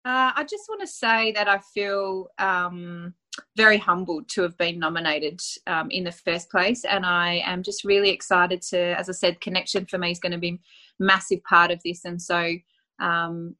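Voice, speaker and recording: A woman's voice: lowish voice, bright, forceful tone. An Australian woman, a guest on a podcast interview, talking effusively with many fillers and rambling sentences. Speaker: guest, award finalist. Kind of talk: casual conversational interview.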